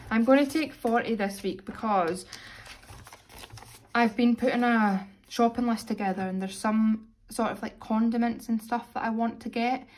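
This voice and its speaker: A young British woman, a little hoarse, chatting casually as she counts out cash for her weekly budget. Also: fairly high pitch, steady tone, moderate pace, darkish tone. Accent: British English. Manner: chatty, self-narrating, counting money aloud. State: slightly hoarse, losing voice. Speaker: budgeting vlogger. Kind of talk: casual chat while cash stuffing.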